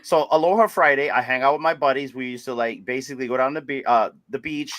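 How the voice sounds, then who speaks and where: Male podcast host, animated profane storyteller, dry close sound. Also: medium pitch, fast, no echo. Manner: animated, profane, laughs often. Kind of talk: casual storytelling chat.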